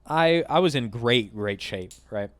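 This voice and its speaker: A young man hosting a gaming channel tells a story in a loose, animated way and swears freely. His voice is smooth and resonant at a mid pitch. It is recorded close and dry, with no room sound. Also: measured pace, no echo. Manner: animated, profane, acts out both sides of arguments. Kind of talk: casual storytime over gameplay.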